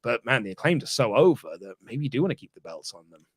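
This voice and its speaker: A man's voice: mid-range voice, sing-song, fast talker, fairly bright tone, husky, no room sound, clean studio sound. A man guesting on a casual podcast, chatty and teasing, often restarting his sentences mid-thought. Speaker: guest pundit.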